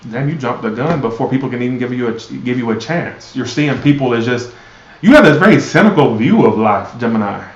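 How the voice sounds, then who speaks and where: A man's voice: medium pitch, expressive, brisk. Blunt, profane tarot-reading man. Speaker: tarot reader. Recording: roomy, dull lo-fi sound.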